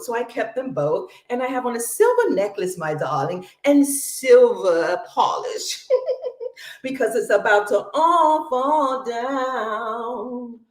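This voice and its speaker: A livestream host from Cleveland, Ohio speaks in a fairly high but darkish voice, and the sound is roomy. She's exuberant, greeting viewers, bursting into song and laughing often.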